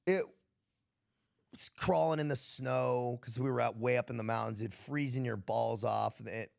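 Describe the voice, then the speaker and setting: Gravelly, laid-back American man telling stories. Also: medium pitch, steady tone, moderate pace. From United States. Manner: laid-back, profane, laughs through his stories. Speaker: guest, military veteran. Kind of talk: casual podcast storytelling.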